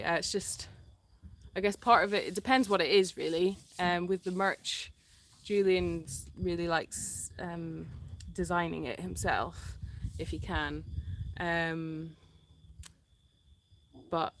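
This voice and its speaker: Woman, lowish voice, casual live-stream chat, hesitant, filler-heavy, faint hiss behind. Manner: chatty, hesitant, many "um"s, talks to the dogs. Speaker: animal sanctuary co-host.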